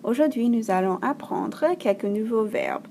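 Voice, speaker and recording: A woman teaching a French grammar lesson, explaining slowly and clearly with frequent fillers. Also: a little high, expressive, mellow, a little hiss or hum. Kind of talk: recorded classroom lesson.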